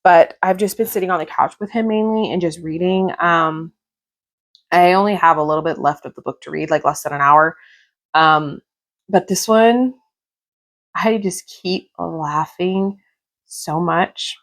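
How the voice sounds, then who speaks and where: A woman's voice: lowish voice, a little slow. A woman in her thirties chatting casually in a reading vlog, gushing and rambling about books and her day. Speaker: book vlogger.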